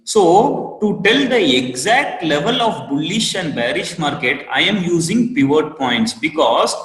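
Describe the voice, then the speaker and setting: A man with an Indian English accent teaching a live online trading class, repeating each point and asking students for a quick yes. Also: on the high side, lively intonation, fairly bright tone. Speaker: trading course instructor. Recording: roomy echo with long reverb.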